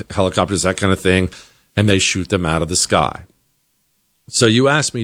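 A man from the United States hosting an opinionated political talk show, emphatic and animated, sometimes mimicking other people. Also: lowish voice. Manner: emphatic, animated, mocking imitations.

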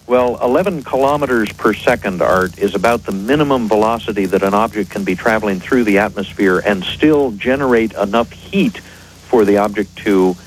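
A man appearing as an expert guest on a radio show, explaining in a measured, precise way. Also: on the low side, slight background noise, rough recording.

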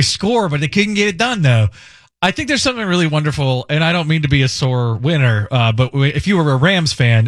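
Animated, joking male radio host. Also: mid-range voice, dry recording. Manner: animated, joking, laughs often. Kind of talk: casual radio banter.

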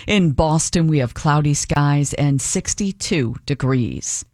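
A woman anchoring live news radio, losing her voice, with brisk, half-sung transitions. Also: sits low, lively intonation, darkish tone, no room sound, clean studio sound.

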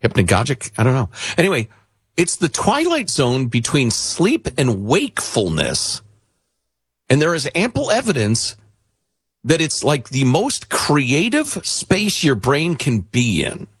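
Husky, lively-voiced male talk radio host. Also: on the high side, unhurried, no echo, clean studio sound. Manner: rambling, chatty, many fillers and restarts. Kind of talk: casual talk radio chat.

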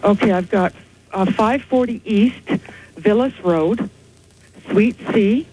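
A woman calling in to a radio talk show, telling a rambling, excited story. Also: medium pitch, takes it slowly, a little hiss or hum, rough recording. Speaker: caller. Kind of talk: call-in radio chat.

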